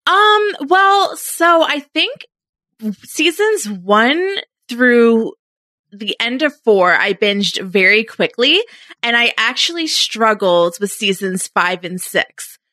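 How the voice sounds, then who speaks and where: Bright, chatty woman podcast guest. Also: fairly high pitch, animated, slow, dry recording. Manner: chatty, laughs often, many fillers. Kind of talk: casual podcast chat.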